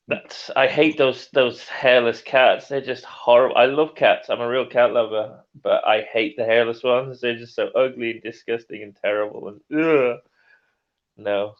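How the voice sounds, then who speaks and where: A man's voice: mid-range voice, lo-fi sound. A middle-aged man co-hosting a livestream, chatting casually, laughing often and reading chat comments aloud. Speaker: livestream co-host.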